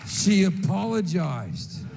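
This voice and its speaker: A man's voice: sits high, sing-song, takes it slowly, gravelly, over music. An Australian man doing stand-up, telling a story in a brash, profane, punchy way. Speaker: stand-up comedian.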